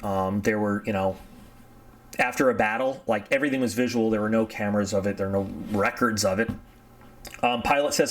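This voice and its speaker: A man's voice: on the low side, normal speed. Rambling, digressive male history storyteller. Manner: rambling, digressive, self-correcting; animated storyteller acting out quotes. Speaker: history channel host. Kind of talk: casual spoken history talk.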